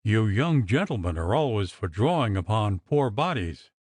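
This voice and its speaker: A man voicing a grim, menacing male church clerk in an audiobook, with a hoarse, level voice and quiet threat. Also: fairly low pitch, very animated, normal speed, no room sound. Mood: wary. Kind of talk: audiobook character reading.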